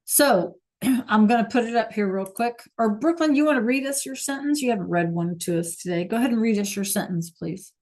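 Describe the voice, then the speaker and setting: A woman's voice: a little high, expressive, a little fast, darkish tone. A woman teaching a Spanish class over a video call, patient and checking in often with the students.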